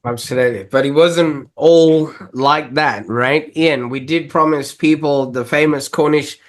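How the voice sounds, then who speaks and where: A man's voice: fairly high pitch, unhurried. A man hosting a podcast interview, enthusiastic and leaning on fillers as he asks questions. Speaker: podcast host.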